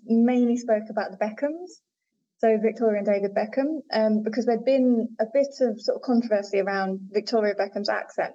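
Mellow-voiced woman researcher on a lo-fi recording. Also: medium pitch. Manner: articulate, hedges with fillers. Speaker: linguistics researcher, guest. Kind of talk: conversational podcast interview. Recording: dull lo-fi audio.

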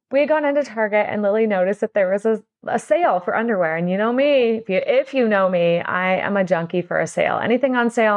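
A middle-aged woman hosting a casual talk show, telling stories in a chatty, rambling way and laughing often. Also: medium pitch. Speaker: podcast host and salon owner. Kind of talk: casual storytelling monologue.

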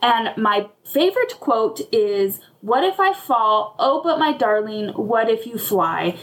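A woman's voice: fairly high pitch, very animated, takes it slowly, rough recording. Earnest woman guest on a recorded message. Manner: earnest, with soft fillers. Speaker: podcast guest.

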